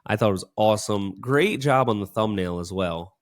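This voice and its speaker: A man's voice: fairly low pitch, normal speed. A man co-hosting a casual business podcast, talking in an enthusiastic, praising, rambling way. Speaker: podcast co-host. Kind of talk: casual chat.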